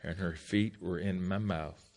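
A man in his forties preaching an energetic sermon with comic stories, laughing often and shouting at the peaks. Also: low voice, a little slow.

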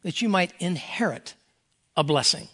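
A man's voice: high voice, expressive, moderate pace, bright, forceful tone, slightly rough. An older man, a pastor emeritus, preaching a folksy, earnest sermon and reading scripture aloud.

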